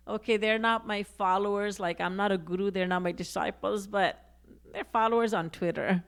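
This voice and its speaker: A woman's voice: medium pitch, fairly even intonation, normal speed, vocal fry. A woman giving a devotional discourse, reciting verses and acting out quoted speech with expression. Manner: recites Sanskrit and Hindi verses. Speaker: spiritual teacher.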